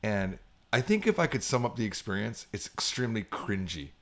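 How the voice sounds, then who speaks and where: A middle-aged man co-hosting a podcast, telling an animated story in casual chat and mimicking high voices when he quotes people. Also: brisk. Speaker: podcast co-host.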